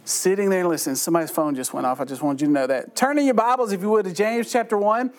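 High-voiced man teaching Bible study. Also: fast. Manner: joking, conversational, self-deprecating asides. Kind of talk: humorous Bible study talk.

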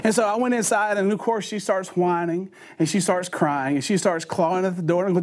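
A man's voice: high voice, a little fast, hardly any pauses. A man preaching a sermon in a folksy, conversational storytelling manner.

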